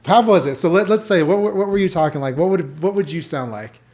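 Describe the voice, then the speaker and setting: A man's voice: high-pitched, animated, quick pace, darkish tone. Chatty middle-aged male podcast host. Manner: loose, joking, rambling. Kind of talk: casual chat.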